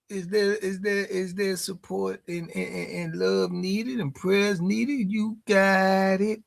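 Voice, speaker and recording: A man's voice: high-pitched, fairly even intonation, takes it slowly, gravelly, hardly any pauses. A man hosting a live stream in casual chat. He laughs often and keeps asking "you dig?". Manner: laid-back slang talk, laughs often, asks "you dig?".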